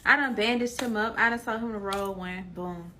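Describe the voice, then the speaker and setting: A woman's voice: medium pitch, moderate pace, bright, forceful tone, slight background noise. Emphatic young woman telling a story. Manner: emphatic, repeats herself, addresses listeners as y'all. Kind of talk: casual storytelling to viewers.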